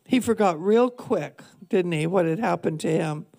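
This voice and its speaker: A woman's voice: on the low side, moderate pace, vocal fry, warm tone. A woman minister preaching a sermon with earnest emphasis, repeating key points for weight. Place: church.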